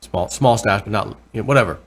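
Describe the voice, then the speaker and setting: A man's voice: fairly low pitch, quick pace. Rambling man talking crypto charts. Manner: rambling, self-correcting, excited bursts over numbers. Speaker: crypto vlogger. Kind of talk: casual commentary over charts.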